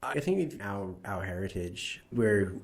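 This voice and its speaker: Low gravelly man chatting. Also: expressive, measured pace. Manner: wry, chatty, interjecting. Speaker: podcast co-host. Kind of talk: casual chat.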